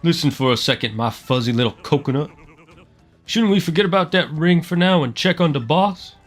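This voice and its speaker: A man voicing a gruff, henpecked tough-guy husband who wheedles with sweet talk. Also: fairly high pitch, expressive, fairly quick, faint music behind. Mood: coaxing.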